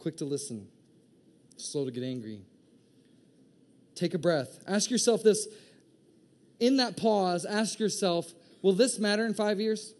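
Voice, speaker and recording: A man preaches a sermon in a lively, joking way, slipping into quick impressions of people in his congregation. His voice sits high for a man, and he pushes it higher when he gets excited. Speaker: pastor.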